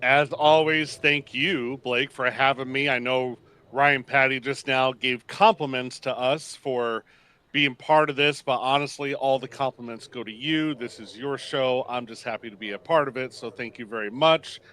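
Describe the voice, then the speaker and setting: A man's voice: mid-range voice, fairly even intonation, moderate pace, sharp tone, clean tone. A man working as color commentator on a sim racing broadcast, full of joking, teasing banter.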